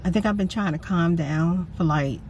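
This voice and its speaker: A woman's voice: on the low side, normal speed, background noise. A woman vlogger venting from her parked car, upset and emphatic. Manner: upset, emphatic, repeats herself. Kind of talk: casual vlog rant.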